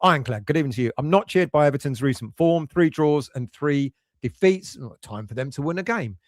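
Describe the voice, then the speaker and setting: Middle-aged guy hosting a live fan stream, emotional and worked up, kinda high voice, dry mic. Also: brisk, no echo. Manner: emotional, excitable, swings between nervous and resigned. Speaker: fan channel host reading chat. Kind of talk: casual live-stream chat.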